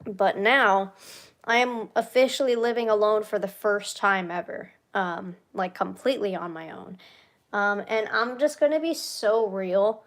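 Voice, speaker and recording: A young woman streamer chatting casually and rambling, self-deprecating, swinging from tired sighs to excited squeals. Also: mid-range voice, a little slow. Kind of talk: casual rambling livestream chat.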